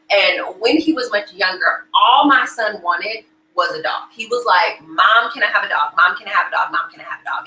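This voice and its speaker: A middle-aged woman giving a motivational talk, telling a family story and acting out the voices with big jumps in pitch. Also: bright, forceful tone. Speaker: motivational speaker. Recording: echoey hall with faint noise.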